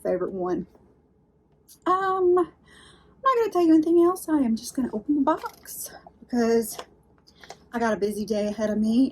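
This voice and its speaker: A woman's voice: a little high, a little mellow, husky. Rambling Southern woman vlogger. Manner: rambling, folksy, talks straight to viewers with "y'all". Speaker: unboxing channel host. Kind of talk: chatty unboxing vlog.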